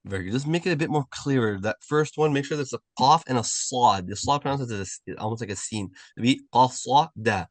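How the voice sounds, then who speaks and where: A man teaching an online Arabic class, patiently correcting pronunciation and repeating sounds slowly. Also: mid-range voice, dry recording. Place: video call.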